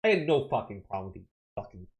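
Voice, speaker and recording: A man's voice: on the low side, sing-song, quick pace. A man hosting a political commentary show, reacting to clips and news with angry, profanity-laced rants.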